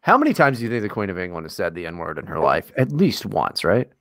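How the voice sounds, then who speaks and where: A man's voice: deep voice, big pitch swings, quick pace, a bit bright, no room sound, studio quality. An American man co-hosting a podcast, talking in a casual, profane and sarcastic way with lots of fillers. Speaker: podcast co-host. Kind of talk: casual chat.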